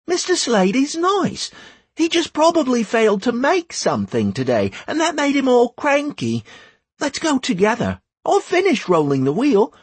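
A man's voice: very high-pitched, huge pitch swings, normal speed, breathy edge, dry recording, pitched above the performer's own voice, exaggerated voice. A chatty toothless village boy. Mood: reassuring.

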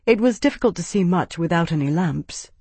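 An audiobook narrator reads a novel in an even, measured way. The voice is a little husky. The recording is close and dry. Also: mid-range voice, no echo. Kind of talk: scripted narration.

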